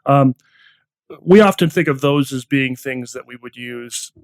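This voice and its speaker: A podcast host with a medium-pitched voice asks questions at a measured pace, sounding hesitant and thinking aloud, with lots of fillers. It's casual interview talk, and there's no echo.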